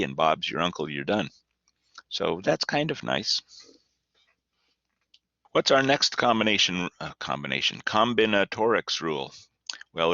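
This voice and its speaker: A man's voice: deep voice, bright, forceful tone, no room sound, highs cut off. A man teaching a casual recorded math lecture, chatty and folksy, who acts out little exchanges with an imagined student.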